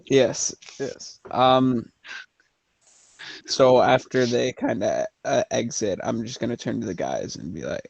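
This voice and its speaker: A man's voice: medium pitch, slow, vocal fry, no echo, highs cut off. A man playing a tabletop game, talking casually and a bit unsure. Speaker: player.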